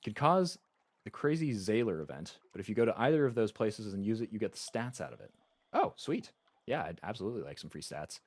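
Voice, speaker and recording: A man's voice: lowish voice, big pitch swings, brisk, a little mellow, no room sound. A man streaming a game live, reading its story text aloud and chatting casually with frequent stammered restarts.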